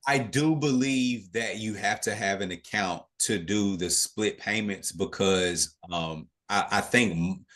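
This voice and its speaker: A man with a lowish voice runs a live question session for an investing class over a video call. He talks in a relaxed, unhurried way and often restarts his sentences. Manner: relaxed, hesitant with fillers and restarts. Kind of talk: live online Q&A.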